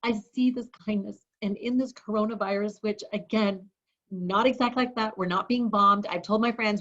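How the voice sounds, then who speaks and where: A woman's voice: mid-range voice, fairly even intonation, moderate pace, a bit bright. A woman hosting an interview, telling stories in a heartfelt, moved way. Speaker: host. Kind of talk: interview conversation. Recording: dull, muffled audio.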